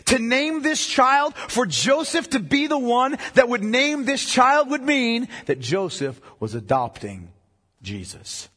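A male pastor preaching a sermon, emphatic, repeating key phrases and dropping low for weight. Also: sing-song, slow, fairly bright tone, husky. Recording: long reverb of a large hall.

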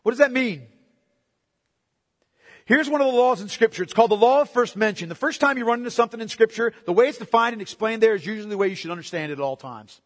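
A man's voice: high-pitched, lively intonation, fast talker. A male pastor preaching a sermon with emphatic rhetorical questions and repetition. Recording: long hall reverb.

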